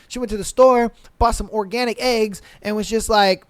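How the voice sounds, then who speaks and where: A male podcast host reading listener stories aloud and reacting in slangy, animated casual talk, acting out quotes along the way. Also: high voice, normal speed, hardly any pauses, smooth, no echo.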